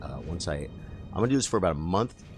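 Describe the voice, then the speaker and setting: Male game streamer, low voice, very animated delivery, chatty with chat, faint music behind. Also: quick pace. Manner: excitable, chatty, talks to chat. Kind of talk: live gameplay commentary.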